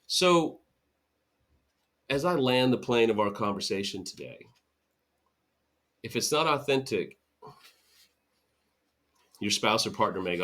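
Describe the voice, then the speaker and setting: A man's voice: medium pitch, lively intonation, unhurried, pauses often, fairly bright tone. A man hosting a solo podcast about healing relationships, talking earnestly and animatedly, often acting out quoted speech. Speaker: podcast host.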